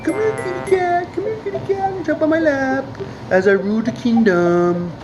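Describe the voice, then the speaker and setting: A man doing a cooing high-voiced pharaoh. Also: normal speed, muffled recording, music in the background. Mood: doting. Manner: high, cooing, grandly sweet. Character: pampered ancient king doting on his cat.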